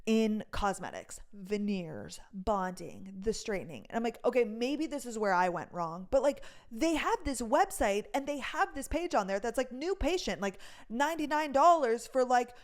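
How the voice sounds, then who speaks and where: A woman's voice: a little high, big pitch swings, moderate pace, hardly any pauses. A young woman vlogger telling a story in casual chat, full of fillers and swearing, acting out what others said.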